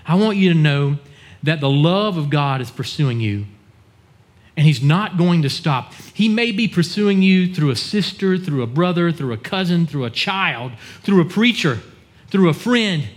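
A man's voice: animated, measured pace. A man preaching as a pastor, telling a story in an earnest manner and acting out the people he quotes. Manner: earnest, acts out quoted dialogue in a lowered voice. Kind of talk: sermon storytelling.

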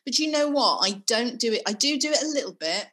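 A woman's voice: fairly high pitch, lively intonation, quick pace, a bit bright, slightly rough. A woman co-hosting a podcast, chatting casually and laughing at herself as she talks. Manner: chatty, laughing, self-mocking. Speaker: podcast co-host. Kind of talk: casual chat.

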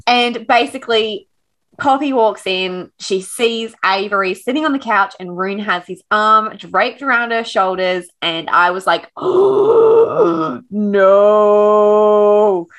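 A woman's voice: medium pitch, unhurried, sharp tone. A woman co-hosting a book podcast who recaps the plot in a casual, dramatic way and swears freely. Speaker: podcast co-host.

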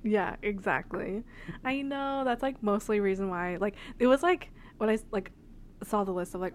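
At a moderate pace and in a mid-range voice, a young woman co-hosts a podcast with casual, rambling chat full of fillers and laughter. Slight background noise can be heard.

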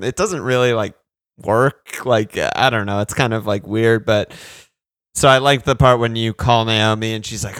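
A man's voice: mid-range voice, normal speed, a bit bright, clear, resonant tone, dry recording, clean studio sound. A man co-hosting a game podcast in a casual, rambling chat, swearing freely. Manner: rambling, loose, swears often, lots of fillers. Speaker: podcast co-host.

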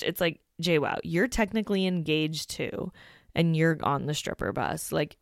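A woman's voice: sits low, gravelly, no echo, studio quality. A woman giving a blunt, sarcastic reality-show recap in casual chat, swearing freely and filling her talk with "like". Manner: blunt, sarcastic, swears a lot, says "like" constantly. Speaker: recap commentator.

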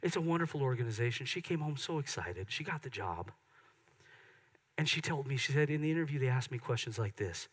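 A middle-aged man preaching a sermon in church, swinging from excited loud peaks to soft hushed moments. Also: mid-range voice, quick pace, slightly rough. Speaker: pastor. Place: church sanctuary.

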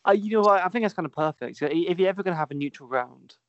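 Fast-talking man on a dull lo-fi mic. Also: high-pitched, lively intonation, dry recording. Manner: quick, stammering restarts, trails off softly. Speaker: podcast co-host. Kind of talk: casual chat. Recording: slightly dull lo-fi sound.

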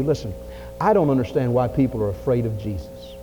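A man preaching a folksy sermon, his voice swinging from loud to hushed. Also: mid-range voice, fairly quick, music in the background. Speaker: pastor. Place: church sanctuary. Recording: lo-fi 1980s church tape with long reverb and faint hiss.

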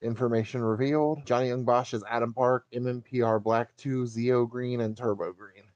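A man's voice: mid-range voice, fairly even intonation, normal speed, darkish tone, no echo, dull audio. A man co-hosting a gaming podcast in casual chat, teasing his co-host and sharing news. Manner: teasing, laughs often, shares news.

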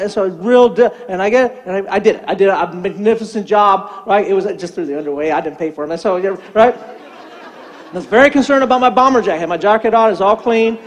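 An older man delivers a sermon as a comic story, his voice sitting very high. He acts out the people in the tale with lively, animated energy. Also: a little fast. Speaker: pastor.

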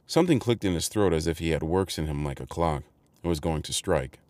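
A male narrator reads a classic novel in a measured, unhurried way. His voice sits very low. The sound is dry and close with no room around it. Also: animated, a little mellow, no room sound. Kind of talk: audiobook reading.

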